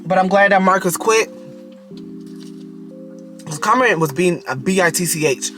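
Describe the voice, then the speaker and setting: A man's voice: sits high, expressive, moderate pace, long pauses, pushed and bright, faint music behind. A man casually reviewing a TV show in a video, talking straight to the characters and often breaking into giggles.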